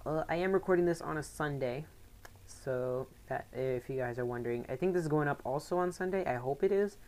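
A woman giving casual let's play commentary, rambling with excitable outbursts. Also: sits low, fairly quick. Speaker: gaming commentator.

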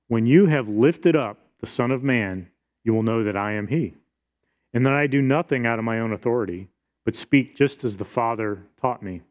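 A man's voice: mid-range voice, a little mellow. Man preaching an earnest sermon. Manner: earnest expository preaching, reading scripture aloud. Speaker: pastor.

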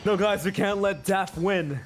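A man in a casual gaming chat, goofy and excitable, with sudden yelps. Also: high-pitched, unhurried. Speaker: streamer guest. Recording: faint background music.

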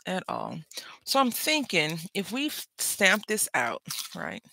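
Hosting a papercraft session, this parent of school-age kids rambles chattily as they craft and keeps cutting themself off. Their mid-range voice swoops wildly in pitch and sounds creaky and sharp, and they take things slowly.

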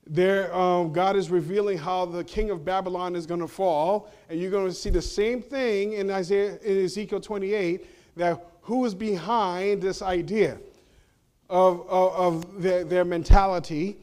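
Standing in a church sanctuary, a male pastor delivers a sermon at an unhurried pace with a steady tone. He poses rhetorical questions to the congregation and moves between loud, emphatic moments and quiet, low stretches.

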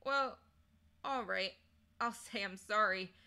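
A woman's voice: mid-range voice, slow, vocal fry, pushed and bright, smooth, exaggerated voice. A woman voicing an anxious young English boy in a storybook reading, pleading and exclaiming.

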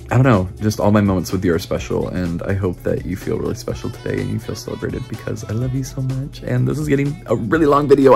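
A man's voice: fairly low pitch, creaky, a little mellow. A young man recording a heartfelt birthday message for a friend, rambling and self-conscious with many fillers.

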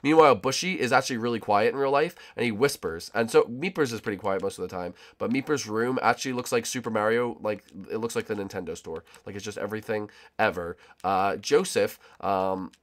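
A young man hosting casual gameplay commentary, joking and bantering with sudden loud outbursts. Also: fairly low pitch, a little fast, hardly any pauses. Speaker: gaming channel host.

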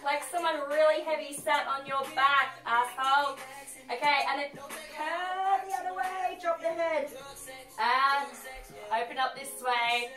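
A cheeky Australian woman with a bright, high voice leads a comedic workout while moving through the exercises, her sassy coaching bouncing along. She sounds a step away from the mic in a roomy space, with workout music thumping behind her. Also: far from the mic. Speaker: fitness instructor. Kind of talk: comedic workout class livestream.

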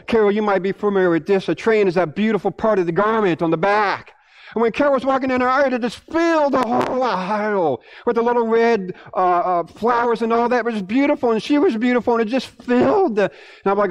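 High-pitched guy preaching a sermon, fervent, repeats himself, goes loud then hushed. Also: a little fast, rough recording. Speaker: pastor.

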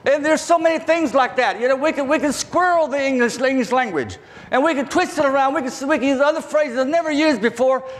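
An older man with a Southern accent and a very high voice preaches a testimony sermon. He talks in a folksy, halting way and often doubles back on his words. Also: fairly bright tone. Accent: Southern American. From southern Virginia, USA.

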